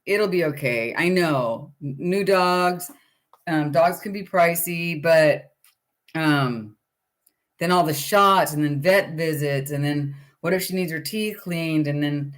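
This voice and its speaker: A woman's voice: low-pitched, slow pace. A middle-aged woman hosting a casual live chat with viewers, rambling and chatty with lots of fillers.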